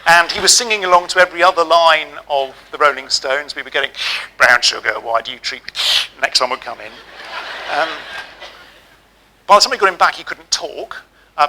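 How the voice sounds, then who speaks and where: A middle-aged man giving a keynote speech, telling lively, humorous stories. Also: on the high side, fast talker, a little hiss or hum, poor audio. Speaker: keynote speaker. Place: auditorium.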